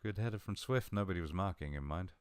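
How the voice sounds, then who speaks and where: A man talking through a football management game he is playing, chatty and a little mumbling, with sudden bursts of excitement. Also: deep voice, quick pace, clear, resonant tone, dry recording. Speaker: gaming video host. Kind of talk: live game commentary.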